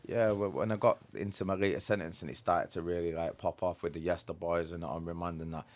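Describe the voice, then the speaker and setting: A man's voice: sits low, steady tone, fast, a little mellow. A man, a rapper guest on a podcast, talking in a laid-back, slangy way and often checking in with "you know what I mean". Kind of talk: casual podcast interview.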